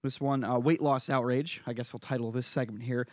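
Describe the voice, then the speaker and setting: A man's voice: mid-range voice, steady tone, brisk, dry recording, studio quality. Stammering man co-hosting a podcast. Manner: hesitant, stammering, joking. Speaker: podcast co-host. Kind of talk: casual podcast chat.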